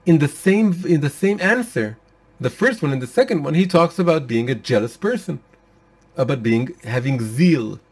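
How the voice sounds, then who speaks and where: A man's voice: on the high side, expressive, normal speed. Earnest man teaching a Torah class.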